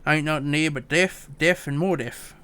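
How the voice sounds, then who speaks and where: A man putting on a pirate accent, playing a rough, gloomy pirate sailor in a game. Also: a little high, steady tone, normal speed, pushed and bright. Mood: gruff. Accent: put-on pirate accent.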